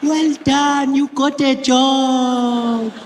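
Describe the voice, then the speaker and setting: A man's voice: little pitch movement, full character voice. A man putting on a squealing proud old granny. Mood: overjoyed. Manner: high squealing delight, drawn-out words. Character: overjoyed elderly grandmother, proud and fussy. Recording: long hall reverb, faint noise.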